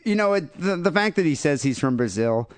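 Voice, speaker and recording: A man's voice: on the high side, animated, brisk, dry recording. A man hosting a casual comedy podcast, rambling and joking with many fillers. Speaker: podcast host.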